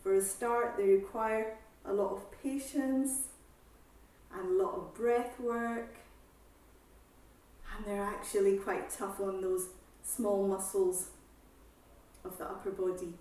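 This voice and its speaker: A woman exercise instructor calmly guiding a seated breathing class, with slow breath cues and counting. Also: medium pitch. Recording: echoey room, voice from far off.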